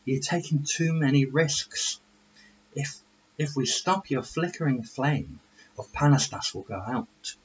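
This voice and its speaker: A man's voice: a little high, unhurried, husky, highs cut off. A man voicing a stern female officer, a goddess-cat, who scolds like a teacher or a mother. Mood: reproachful.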